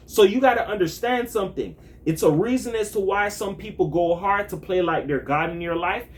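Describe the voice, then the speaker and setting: A young man giving a blunt, animated monologue full of street slang and profanity, acting out other people's voices as he tells his story. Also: high voice. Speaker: vlogger. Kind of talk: casual monologue to camera.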